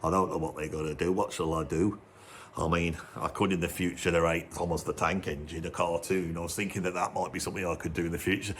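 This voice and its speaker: A man voicing a worried young male rock drummer in a low, mournful mumble. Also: little pitch movement, fast talker, a little hiss or hum, close to an everyday voice.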